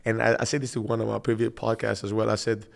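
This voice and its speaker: Male podcast host, gravelly voice, animated casual chat, stammering restarts. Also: fairly low pitch, fast.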